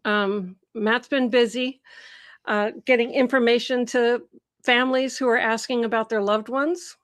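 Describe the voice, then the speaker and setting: A woman's voice: a little high, steady tone, unhurried. A middle-aged woman from the Seattle area hosting a live Q&A stream, bubbly and laughing often as she greets viewers and reads their comments. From Seattle area, USA. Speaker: host.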